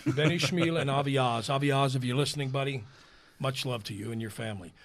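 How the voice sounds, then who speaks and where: A man's voice: mid-range voice, fast talker. A man hosting a podcast, telling a story in a self-mocking way and laughing as he goes. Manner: animated, self-mocking, laughing between lines. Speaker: podcast host. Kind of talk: casual storytelling.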